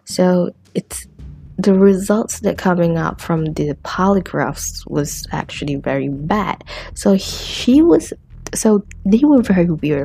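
A woman's voice: fairly low pitch, animated, measured pace, vocal fry, dark tone, slightly rough. A woman with casually retelling a true-crime story, rambling with restarts and fillers. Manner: rambling, many restarts and fillers, acts out quotes.

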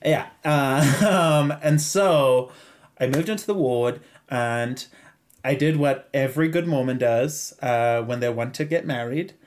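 A man's voice: medium pitch, a little slow, slight background noise. A young man with a Zimbabwean accent tells a story on a casual podcast. His voice sits in an ordinary middle range. He laughs often and slips into voices for the people he quotes. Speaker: podcast guest.

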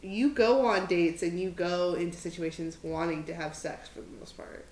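A woman's voice: lowish voice, steady tone, normal speed, a little mellow. A woman who co-hosts a podcast, chatting casually and frankly. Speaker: podcast co-host. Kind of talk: casual chat. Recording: roomy echo.

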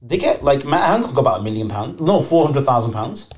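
Fast-talking man, podcast co-host. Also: mid-range voice, sing-song. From United Kingdom. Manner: insistent, defensive. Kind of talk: casual chat.

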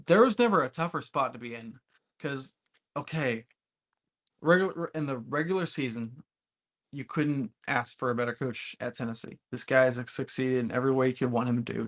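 A man's voice: mid-range voice, fairly bright tone. Blunt, emphatic male sports podcaster. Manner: emphatic, blunt, occasionally profane. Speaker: podcast co-host. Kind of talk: casual sports podcast chat.

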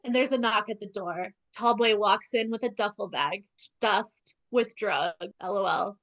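A woman's voice: medium pitch, a little slow, fairly bright tone, rough recording. A young woman co-hosting a casual podcast, recapping a TV episode in a chatty, sarcastic way, full of "like". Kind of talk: casual chat.

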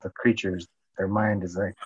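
A man with a husky, low voice, heard on a muffled, lo-fi, dead-dry recording. He talks loosely and repeats himself, cursing casually. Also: flat delivery, moderate pace, no echo. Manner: repetitive, profane, loose talk. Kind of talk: casual chat.

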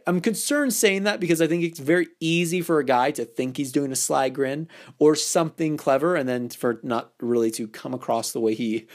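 A man hosting a casual advice podcast, talking playfully and acting out the lines he quotes, with many restarts. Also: a little high. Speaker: podcast host.

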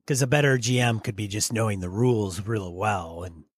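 A man co-hosting a casual podcast about tabletop games, agreeable and quick to chime in. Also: lowish voice.

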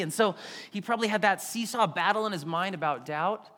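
Pastor, male, high bright voice, animated sermon delivery, long hall reverb. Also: brisk. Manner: animated, acts out quotes in varied voices.

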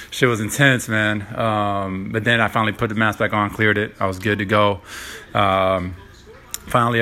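A man's voice: fairly low pitch, bright, forceful tone. A young man hosting a casual solo podcast, rambling with lots of fillers and profanity. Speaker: podcast host.

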